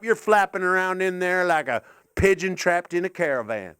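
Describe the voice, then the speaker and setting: Performing live in a gallery, an older comedian delivers an absurd, rambling, foul-mouthed set that lurches from mutters to shouted rants. His voice sits high at a moderate pace, and the recording is clean and dry.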